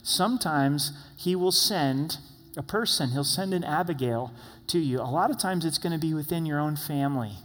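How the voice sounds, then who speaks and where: A man preaching a sermon as pastor, animated and exhorting the congregation directly in a church. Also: a little high, normal speed. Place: church sanctuary. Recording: long hall reverb.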